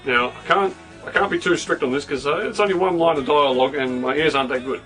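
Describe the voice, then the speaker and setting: A man's voice: a little high, fast talker, music in the background. A man co-hosting a review show in casual, comedic chat, irreverent, crude and sarcastic. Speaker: co-host, film reviewer.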